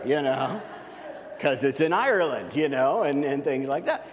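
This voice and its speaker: A man in his thirties preaching a sermon, telling a personal story with lively, animated voice jumps. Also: medium pitch, normal speed, a little hiss or hum. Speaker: pastor. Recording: long hall reverb.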